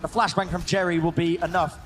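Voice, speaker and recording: A man doing fast, excited play-by-play commentary on an esports match. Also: on the high side, background noise. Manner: excited, builds to shouts on big plays. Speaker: esports caster.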